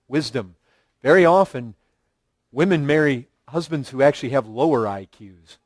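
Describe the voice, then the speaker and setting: A pastor giving an earnest sermon, building emphasis through repeated phrases. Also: male voice, fairly high pitch, no echo.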